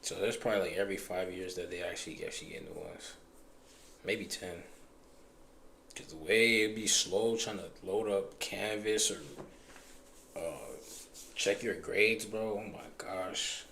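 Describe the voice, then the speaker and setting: Gravelly, low-voiced young man chatting. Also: lively intonation, a little slow, pauses often, sharp tone, a little hiss or hum. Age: recent high school graduate. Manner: laid-back storytelling, slangy, says bro often. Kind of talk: casual chat.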